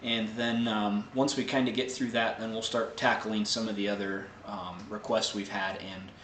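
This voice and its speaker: A man's voice: fairly low pitch, normal speed, echoey room, a little hiss or hum. Casual man hosting a tech Q&A. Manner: relaxed, filler-heavy, explanatory. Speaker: host answering viewer tech questions. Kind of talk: casual live Q&A.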